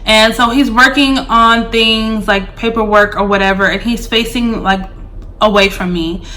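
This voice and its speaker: A young woman in her twenties tells a storytime to her viewers. She speaks slowly with a bright, forward tone. Her delivery is chatty and loose, scattered with fillers as she talks straight to the audience. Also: a little high, steady tone, a little hiss or hum. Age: 20s. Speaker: vlogger. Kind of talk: casual storytime.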